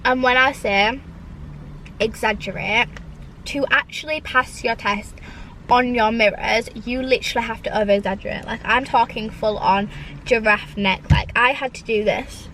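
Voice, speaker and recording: A woman's voice: on the high side, moderate pace, bright, forceful tone, a little hiss or hum, rough recording. A young woman chatting casually in her parked car, rambling with lots of "like"s. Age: young adult. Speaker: vlogger. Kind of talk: casual chat.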